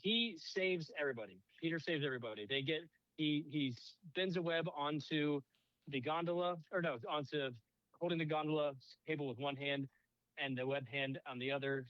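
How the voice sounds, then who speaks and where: A man's voice: fairly high pitch, normal speed, no echo, dull audio. A man co-hosting a podcast who recaps a film in a blunt, teasing, profane way. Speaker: podcast co-host. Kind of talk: casual movie recap chat.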